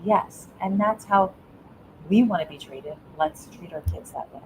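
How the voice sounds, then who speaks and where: This middle-aged woman, a guest educator, talks a little slowly at a medium pitch while offering earnest parenting advice in interview answers. Her tone is warm and coaching, she often restarts her words, and the rough recording has a bit of hiss or hum.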